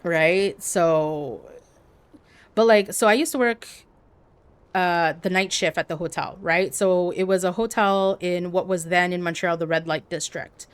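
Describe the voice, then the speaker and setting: A woman livestreamer telling stories in casual chat, animated and peppered with "like". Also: lowish voice, unhurried, clean tone. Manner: animated, heavy use of "like".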